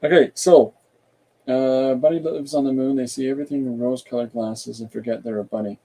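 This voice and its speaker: A man hosting an art podcast, thinking aloud in a relaxed, rambling way while he draws and reads viewer comments. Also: mid-range voice, a little fast, poor audio. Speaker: artist and podcast host. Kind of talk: casual livestream chat while drawing.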